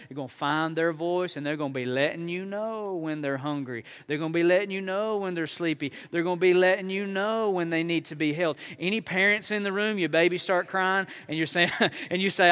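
A male pastor with a high, bright, clear voice delivers a sermon to his church. He talks in a loose, folksy way, jokes with the congregation, then surges loud or falls quiet. His tone is crisp and ringing. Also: steady tone, a little fast. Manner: conversational preaching with sudden rises and quiet drops; folksy, playful asides to the congregation.

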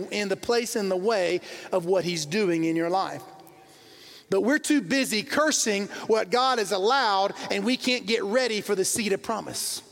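A pastor preaching a sermon in a church, rising into impassioned loud bursts and dropping into self-deprecating asides about his marriage. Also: high-pitched, moderate pace, in a large hall.

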